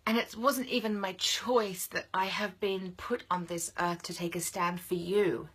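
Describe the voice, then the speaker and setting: A young woman delivers a fired-up motivational talk to her audience of women. Her voice has a breathy, husky edge, yet it cuts through with a bright, tense push. She leans on repetition to drive each point home. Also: mid-range voice, steady tone, a little slow. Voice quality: passionate, emphatic, repeats phrases for force. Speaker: women's business coach. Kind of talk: motivational monologue to camera.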